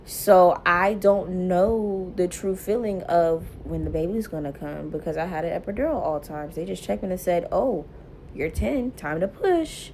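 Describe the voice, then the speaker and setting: A young woman vlogger telling a personal story casually to camera, animated and laughing often, quoting herself loudly. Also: fairly low pitch, normal speed, hardly any pauses, slight background noise. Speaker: mom vlogger.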